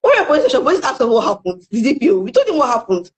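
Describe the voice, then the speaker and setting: A woman's voice: sits high, very animated, racing, low-quality recording. A young woman with a Nigerian accent, telling a story in casual chat and acting out the people she quotes. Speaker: guest storyteller.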